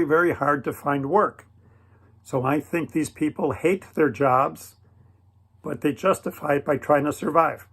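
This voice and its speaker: Earnest man with a slightly high voice. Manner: earnest, gentle, preacherly, with repeated blessings. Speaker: Christian video creator. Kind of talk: personal storytelling.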